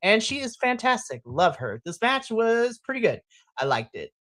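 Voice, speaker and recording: Animated woman co-host, playful. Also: a little high, moderate pace, no room sound. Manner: animated, laughing, playful emphasis. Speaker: podcast co-host. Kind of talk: casual wrestling chat.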